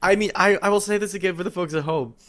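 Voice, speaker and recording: A man co-hosting a casual podcast, teasing his partner with quick laughs. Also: high voice, a bit bright. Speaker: podcast co-host. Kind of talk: casual chat.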